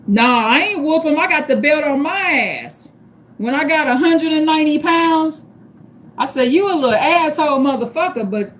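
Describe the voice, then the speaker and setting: A middle-aged woman hosts her own livestream, speaking bluntly and swearing often. Her voice sits somewhat high and she keeps turning to her viewers as y'all. A faint background hiss runs under the recording. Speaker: livestream host. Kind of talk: unscripted livestream talk.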